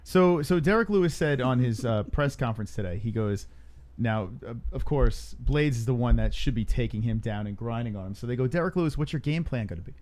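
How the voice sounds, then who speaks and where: A man's voice: mid-range voice, fairly quick, a little mellow. A man co-hosting a live stream, chatting casually in a joking, rambling way. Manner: joking, rambling, with many fillers. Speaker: stream co-host.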